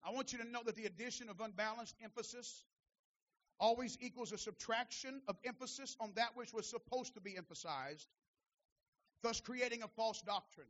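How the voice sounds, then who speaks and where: A man preaching a sermon as pastor, building from steady teaching to fervent shouted calls and then falling back to quiet asides, repeating phrases for emphasis. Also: very high-pitched, normal speed, dull audio.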